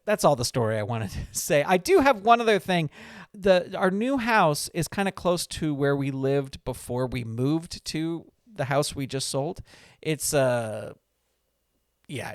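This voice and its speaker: A man's voice: on the high side, no room sound, studio quality. A man hosting his own podcast, telling a story in a chatty, rambling way that stops and restarts often. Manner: rambling, self-interrupting, chatty. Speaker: podcast host. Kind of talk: casual storytelling monologue. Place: small recording studio.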